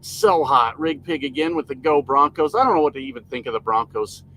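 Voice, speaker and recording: Inside a parked truck cab, a man with a mid-range, sharp-toned voice talks fairly quickly on his live stream. The audio is poor as he jokes around, reads comments, and greets viewers by name.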